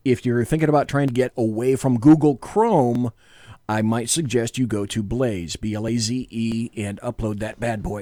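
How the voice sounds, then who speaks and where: A man's voice: medium pitch, normal speed, mellow, no room sound. A man co-hosting a casual political talk show from a small studio, rambling and jokey, often correcting himself. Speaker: podcast co-host.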